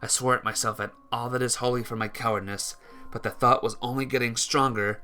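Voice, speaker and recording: A man narrates a visual novel for a let's play in a mid-range voice, going a little fast over faint background music. His delivery is spirited, with occasional fumbles and fresh starts.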